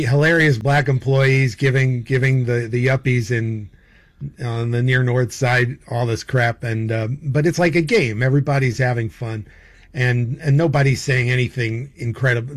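A man guesting on a radio interview, rambling and enthusiastic with frequent chuckles. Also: medium pitch. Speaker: comedian guest.

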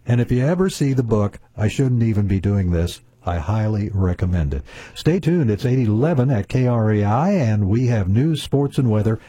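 A man hosting a radio show, talking in a relaxed folksy way with plenty of uhs. His voice is low, very dark and husky, close and dry in a studio. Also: normal speed. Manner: folksy, chatty, with fillers. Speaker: radio host. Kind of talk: casual radio chat. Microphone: studio mic.

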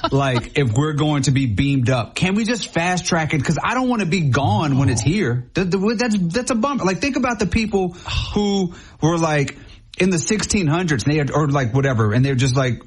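A man's voice: on the high side, lively intonation, moderate pace, slightly rough. A man co-hosting a radio show, rambling casually and filling his talk with "like". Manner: rambling, heavy on "like". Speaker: radio co-host. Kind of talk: casual studio banter.

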